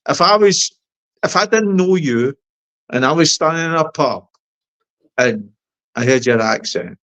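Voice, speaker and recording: A Scottish man chatting over beers, a bit tipsy, rambling and swearing with lots of emphatic repetition. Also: mid-range voice. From Scotland. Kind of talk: casual chat over beers.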